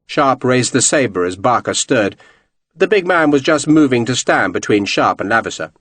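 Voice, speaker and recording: A man narrating an audiobook in an expressive, dramatic reading style. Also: mid-range voice, normal speed, slightly rough, dry recording.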